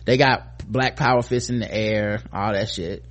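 A man's voice: on the low side, steady tone, measured pace, noisy background. Casual man commenting on a video. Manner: loose and profane, trailing off into restarts. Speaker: commentary show host.

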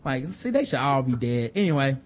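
A man co-hosting a casual talk show, animated and profane, acting out characters as he rants. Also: mid-range voice, brisk. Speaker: podcast co-host. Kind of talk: casual chat.

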